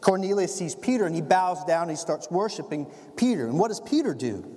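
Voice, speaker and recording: A man preaching a sermon as a pastor, telling the story in an animated way and acting out the scenes. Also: high voice, a little fast. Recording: long hall reverb.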